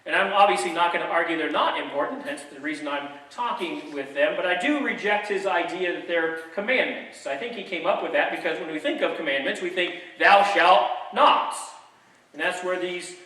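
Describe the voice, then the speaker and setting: A male pastor delivers a sermon in a light, high and bright voice, easygoing and wryly funny between points. He sounds set back from the microphone. The church around him rings with heavy reverberation. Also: expressive, brisk, few pauses. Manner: conversational preaching with wry jokes. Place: church sanctuary. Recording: echoey sanctuary, mic at a distance.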